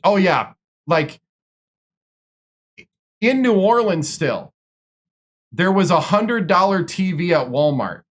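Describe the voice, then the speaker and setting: A man's voice: high voice, very animated, slow, pauses often. A man from Wisconsin, a streamer, telling long stories in casual chat with lots of fillers and restarts. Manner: rambling, filler-heavy storytelling.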